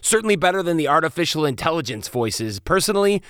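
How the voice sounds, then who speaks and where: A man hosts a podcast interview, putting questions to his guest and adding his own views. His voice sits a little higher than most men's, and it is recorded dry with no room sound. He speaks in a measured, conversational way. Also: big pitch swings, a bit bright, clear, resonant tone, no room sound. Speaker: podcast host.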